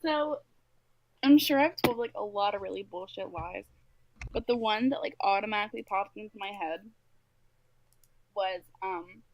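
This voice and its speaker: A woman's voice: mid-range voice, normal speed, long pauses, dull audio. A young woman on a casual podcast, telling a story in a chatty way full of "like". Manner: chatty, lots of "like" fillers. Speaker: podcast guest.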